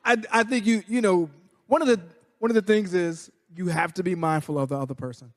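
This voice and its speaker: A man in casual chat, sounding thoughtful and measured. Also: high-pitched. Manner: thoughtful, measured, hesitant starts. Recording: long reverb in a hall.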